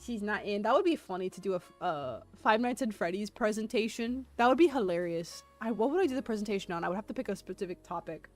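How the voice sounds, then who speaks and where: A woman streaming a history presentation live, excitable and self-deprecating, laughing often and reading chat aloud. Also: mid-range voice, quick pace, few pauses. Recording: faint music behind voice.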